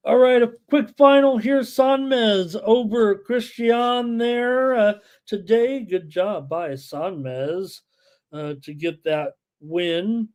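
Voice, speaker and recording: A man hosting a live sports betting show, excitable and full of "uh" fillers, reading viewer chat aloud. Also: high voice, takes it slowly, smooth.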